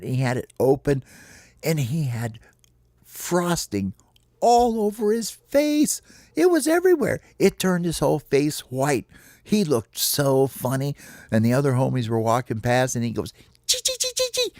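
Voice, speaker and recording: A man telling a playful children's story to his kids in an animated way. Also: mid-range voice, no room sound, clean studio sound. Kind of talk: bedtime storytelling.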